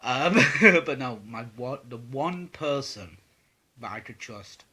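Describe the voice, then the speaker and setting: A man's voice: mid-range voice, animated, slow pace, pushed and bright, slightly rough. A young man answering viewer questions in a casual vlog, rambling and swearing with lots of "um"s. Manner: rambling, sweary, many fillers.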